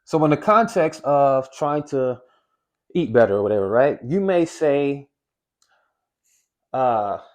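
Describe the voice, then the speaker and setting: This weight-loss coach speaks to camera in a mid-range, expressive voice with a darkish tone, keeping the motivational talk casual. He repeats key phrases and slows on single words for stress.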